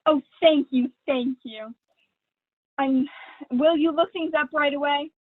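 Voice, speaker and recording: A woman's voice: sits high, slow. A young woman playing a gushing, vain stage diva. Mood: excited. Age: teens. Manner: theatrical, affected, honeyed. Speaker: student actor. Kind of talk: school play read over video call. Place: at home. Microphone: video call. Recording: dry, tinny video call audio.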